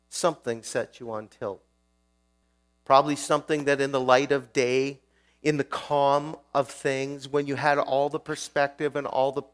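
A male pastor preaching a sermon in a conversational way, often putting questions to his listeners. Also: mid-range voice.

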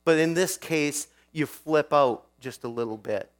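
A man's voice: fairly high pitch, measured pace. Conversational male pastor, mains hum. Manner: conversational, asks the listeners questions. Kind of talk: sermon.

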